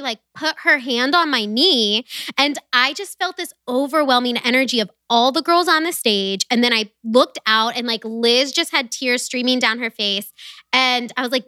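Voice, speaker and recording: Co-host: woman, bright higher voice, chatty and enthusiastic, dry close mic. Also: no room sound. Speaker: podcast co-host. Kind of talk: casual podcast conversation.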